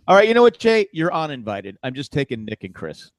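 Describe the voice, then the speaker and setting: A man co-hosting a casual podcast, with a slightly higher voice for a man. He jokes and rants in mock exasperation, recorded close and dry. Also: sing-song, brisk, no room sound. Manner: joking, exasperated ranting. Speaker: podcast co-host. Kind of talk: casual chat.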